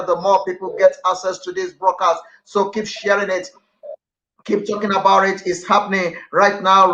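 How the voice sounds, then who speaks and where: A man hosting a live radio talk show from a studio, announcing upbeat and repetitive with many audience shout-outs. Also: high voice, muffled recording. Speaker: radio host.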